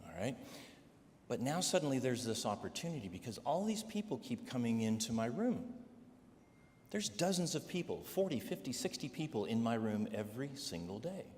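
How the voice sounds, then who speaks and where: A man's voice: medium pitch, sing-song, normal speed, darkish tone. A man preaching a personal testimony, telling stories and checking in with the congregation with "all right?" asides. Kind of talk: sermon testimony. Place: church sanctuary. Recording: long hall reverb, faint noise.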